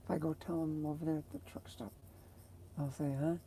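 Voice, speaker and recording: A woman's voice: low voice, level tone, fairly quick, mellow, a little hiss or hum. A woman vlogger chatting casually to her viewers, rambling and hesitant as she searches for words.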